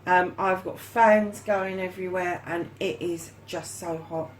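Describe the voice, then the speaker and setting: A woman's voice: lowish voice, steady tone, unhurried, slight background noise, rough recording. A woman giving a casual tarot reading, chatty and fond, calling her viewers darlings and lovelies and swearing now and then. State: hot and yawning. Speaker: tarot reader.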